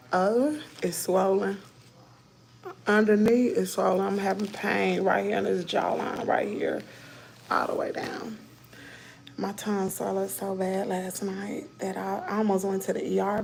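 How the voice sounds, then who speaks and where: A woman's voice: medium pitch, creaky, darkish tone, poor audio. A woman with a Southern accent livestreaming by phone from a dentist's exam room, talking nervously to her viewers and often dropping to a whisper. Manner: anxious, talks to viewers as y'all, drops to whispers. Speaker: vlogger livestreaming from a dentist's office. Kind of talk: casual live chat to viewers. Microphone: phone held close.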